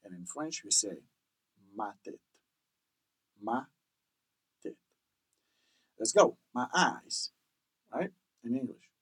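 A man leads a repeat-after-me vocabulary lesson, saying each word twice and spelling it out letter by letter. He speaks very slowly, with a slightly husky voice. His pitch moves up and down in a lively way. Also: low-quality recording. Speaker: language teacher.

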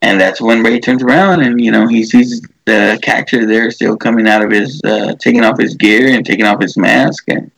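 Man, low gravelly voice, dry close sound; chatty co-host who rambles and restarts. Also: fairly even intonation, moderate pace, hardly any pauses, a bit bright, no echo, low-quality recording. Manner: rambling, many fillers and restarts, acts out quotes. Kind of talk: casual chat, retelling a movie.

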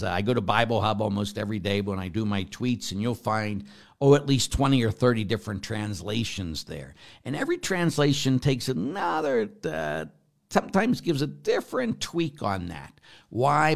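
This Catholic priest, a middle-aged man with a medium-pitched voice and noticeable vocal fry, teaches about faith casually. He meanders, goes off on side topics, and keeps posing rhetorical questions to those listening.

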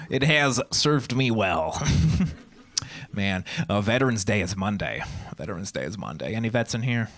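A man's voice: lowish voice, expressive, measured pace, a bit bright. A man in his twenties doing a stand-up comedy set, rambling through self-deprecating asides. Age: 20s.

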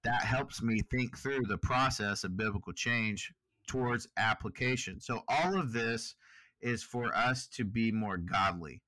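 A man's voice: mid-range voice, a little slow, sharp tone, no room sound. A man co-hosting a podcast, talking through Bible study in an easygoing, reflective way. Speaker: podcast co-host. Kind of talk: casual Bible study chat.

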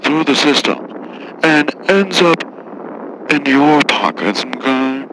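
A man voicing a snooty, condescending rich caller in a radio comedy bit, talking slowly and patronizingly. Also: on the high side, expressive, background noise. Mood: haughty. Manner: slow, haughty, patronizing. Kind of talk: radio comedy prank call.

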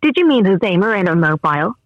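A synthetic female voice assistant with an Irish accent, giving short, even replies. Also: medium pitch, quick pace, no echo. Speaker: phone voice assistant. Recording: muffled phone speaker audio.

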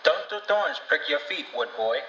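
A man putting on a bright, eager little girl. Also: a little high, expressive, unhurried, a little hiss or hum, voice pushed up. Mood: eager, chatty. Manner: eager, chatty, lightly teasing. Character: curious bold little girl. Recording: roomy, distant, dull sound.

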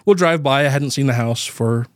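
Grieving male podcast co-host, mid-pitched, halting fillers, nervous laughs, dry close mic. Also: dry recording. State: grieving, voice near tears. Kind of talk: casual storytelling chat.

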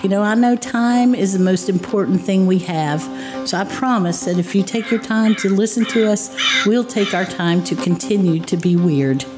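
Woman, scripted outro, friendly upbeat delivery, mid pitch, loud guitar music underneath. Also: moderate pace. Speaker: podcast host.

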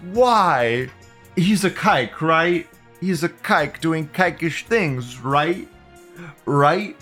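A man's voice: fairly high pitch, fairly bright tone. A man hosting a casual livestream, reading out viewer comments and rambling off the cuff with frequent bursts of laughter.

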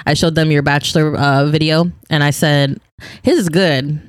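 A woman's voice: deep voice, fairly even intonation, moderate pace, clean tone, no echo, clean studio sound. A woman in her thirties, a podcast guest telling stories casually and laughing often. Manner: giggly, laughs often, storytelling. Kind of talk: casual chat.

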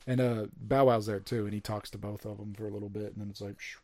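A man's voice: lowish voice, quick pace, no echo. A young man chatting casually about films and actors, telling stories and acting out what people said. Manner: animated storyteller, jumps into quoted voices. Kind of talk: casual chat.

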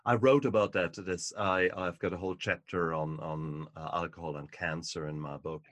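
A male author speaking as a guest on a podcast. His voice is low, and he talks emphatically, repeating words for stress. The sound is dry and close. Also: steady tone, moderate pace, a bit bright, no echo. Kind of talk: podcast conversation.

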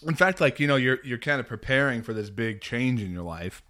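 A man's voice: mid-range voice, brisk. A man in his thirties co-hosting a podcast, chatting casually and acting out quoted lines with a laugh. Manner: lively, laughs often, acts out quotes. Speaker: podcast co-host. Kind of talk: casual chat.

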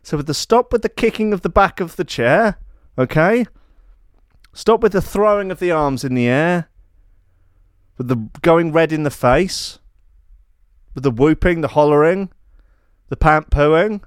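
Brief: male podcast host, sarcastic and theatrical, lively swooping voice, slightly high, dry close mic. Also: a little slow, long pauses, clear, resonant tone, no room sound. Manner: sarcastic, mock-outraged, theatrical. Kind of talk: comedic monologue.

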